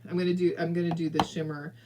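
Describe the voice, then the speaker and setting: A woman's voice: lowish voice, little pitch movement, fast talker, a little mellow, low-quality recording. A woman from southern California hosting a casual crafting livestream, chatty and encouraging, talking straight to viewers and laughing often. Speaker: craft video host.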